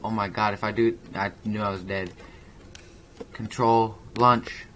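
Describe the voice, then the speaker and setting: A man with a somewhat low voice talks through a video game as he plays. His commentary rambles, then jumps into excitable reactions. Faint ambient noise sits under his voice. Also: unhurried. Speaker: gaming channel host. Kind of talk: let's play commentary. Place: at a home computer.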